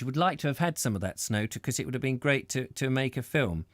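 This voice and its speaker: A man's voice: medium pitch, animated, fairly quick, hardly any pauses, no room sound, studio quality. A man hosting a chatty show, talking in a rambling, hesitant way. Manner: rambling, hesitant, with many fillers and restarts. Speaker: host. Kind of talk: casual chat.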